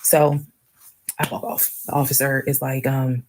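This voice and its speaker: A woman telling a personal story in a frank, animated way, acting out the dialogue. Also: rumbling low, unhurried. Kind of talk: casual storytelling.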